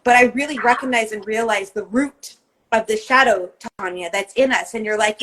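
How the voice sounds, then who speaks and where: A woman with a fairly high voice, talking in a loose, candid podcast chat. She is emphatic and swears freely, and she slips into quoted inner voices as she talks. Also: moderate pace, a bit bright, low-quality recording. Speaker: podcast co-host. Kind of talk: casual chat.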